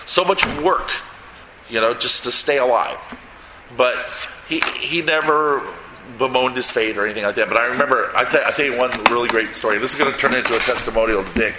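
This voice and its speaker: A man's voice: mid-range voice, bright, forceful tone, a little hiss or hum. A man in his sixties, a comic book artist, telling rambling stories to a live audience with frequent restarts and laughter. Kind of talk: anecdotal storytelling to a live audience. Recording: roomy, echoey hall sound.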